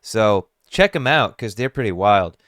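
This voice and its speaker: A man's voice: fairly low pitch, animated, measured pace, a bit bright, no room sound. A man giving casual reaction commentary, musing wryly and thinking aloud on a close microphone. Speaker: YouTube commentator.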